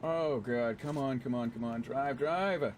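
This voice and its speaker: A man streaming a game, chatting casually with his audience in an excitable, chatty way and swearing freely. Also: mid-range voice, measured pace, a little hiss or hum. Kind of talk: casual gameplay commentary.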